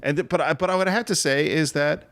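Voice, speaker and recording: A man's voice: on the high side, quick pace, a bit bright. A man co-hosting a film podcast, retelling scenes in earnest, heartfelt detail. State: moved, emotional. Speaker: podcast co-host. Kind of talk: casual film discussion.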